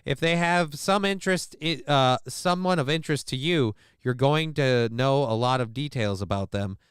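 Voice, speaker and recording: Man, stream host, profane joking reaction commentary, smooth crisp voice, dry close sound. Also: medium pitch, normal speed, a bit bright, dry recording. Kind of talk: casual crude reaction commentary.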